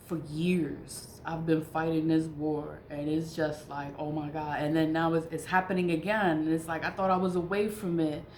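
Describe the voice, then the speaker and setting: Low-voiced woman musing in an echoey room. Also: fairly even intonation, normal speed, few pauses, a little mellow. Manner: frank, emphatic, laughs often and swears in asides. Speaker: spiritual vlogger. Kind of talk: casual spiritual monologue. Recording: echoey room with faint noise.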